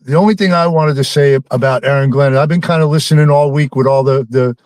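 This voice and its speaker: A man's voice: mid-range voice, fast, darkish tone, dry recording. A man calling in to a sports show, rambling and teasing, with plenty of ums. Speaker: caller. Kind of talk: phone-in chat with a host.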